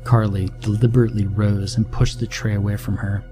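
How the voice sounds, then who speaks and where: A man narrating a horror story in a steady, dramatic storytelling manner, with music underneath. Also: lowish voice, a little fast.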